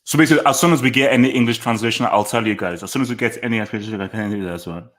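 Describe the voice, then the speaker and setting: A rapid-fire man with a medium pitch and fairly bright tone hosts a football channel, reacting live in an easygoing way. He thinks aloud, echoes short phrases and restarts sentences midway.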